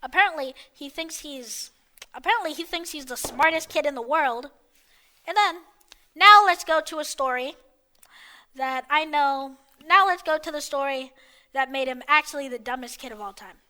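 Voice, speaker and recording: Very high-pitched exasperated female storyteller. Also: lively intonation, normal speed, sharp tone. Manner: exasperated, mocking, chatty. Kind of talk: animated story narration.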